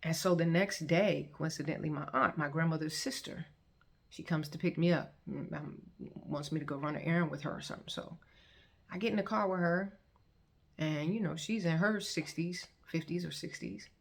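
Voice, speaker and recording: Gravelly-voiced woman telling her testimony. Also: sits low, moderate pace. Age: 30s. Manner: conversational, animated when quoting others. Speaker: testimony vlogger. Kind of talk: personal testimony storytelling.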